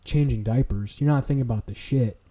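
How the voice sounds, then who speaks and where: A man's voice: medium pitch, a little fast, dark tone. A man streaming, ranting casually in a profane, blunt, lecturing way.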